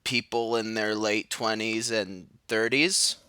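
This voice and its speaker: A man hosts a solo podcast monologue. He is sardonic and self-mocking, and his fairly low voice has a bright, forceful edge. The sound is close and dry. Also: little pitch movement, slow, clear, resonant tone, no room sound. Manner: sardonic, self-mocking, shouts mock cries. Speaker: podcast host.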